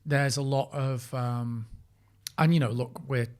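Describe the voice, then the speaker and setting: A middle-aged British actor co-hosting a podcast tells a meandering story in casual chat. His mid-range voice is unhurried, and he restarts often, swearing now and then when he gets animated.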